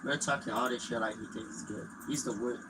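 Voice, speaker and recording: A young man streaming a game, mocking and taunting in loud, profane bursts. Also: medium pitch, fairly even intonation, fairly quick. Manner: yells in bursts. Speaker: gaming streamer. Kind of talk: livestream gaming trash talk. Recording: clear background noise.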